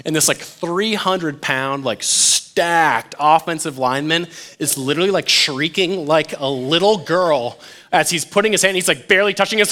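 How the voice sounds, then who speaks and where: Speaking fairly quickly in a slightly high voice, a man preaches as a youth pastor in a relaxed, conversational style. He's animated and jokey, performs the quotes in his stories, and addresses the crowd as "you guys."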